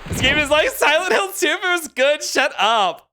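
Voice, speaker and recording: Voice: high-pitched, very animated, normal speed, background noise. A streamer giving casual, rambling commentary over a game, with many restarts and filler words. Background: game music.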